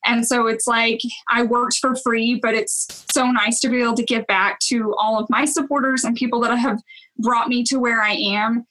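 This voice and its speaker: Chatty bright-voiced Southern woman. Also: on the high side, level tone, moderate pace, slight background noise, low-quality recording. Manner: chatty, earnest, laughs often. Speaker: cleaning video creator, guest. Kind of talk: casual interview chat.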